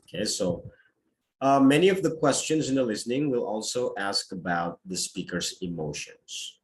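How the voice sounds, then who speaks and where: A man's voice: lowish voice, animated, moderate pace, slight background noise. A man teaching a test-prep lesson, explaining step by step and checking in with frequent "okay"s.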